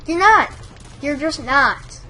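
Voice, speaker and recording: Chatty girl doing a youtube tips vlog, high voice, rambles a lot with "like". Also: lively intonation, slow, bright, forceful tone, a little hiss or hum. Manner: chatty, rambling, lots of "like" fillers. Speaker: YouTube commentator giving tips. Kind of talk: casual tutorial vlog.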